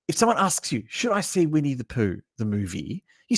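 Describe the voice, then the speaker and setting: A man's voice: fairly high pitch, brisk, vocal fry, no room sound. Aussie guy ranting on a live stream, swears a lot, voice goes all over, dry close mic. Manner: animated, blunt and sweary, reads chat comments aloud. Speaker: livestream host reviewing horror movies. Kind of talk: casual live reaction chat.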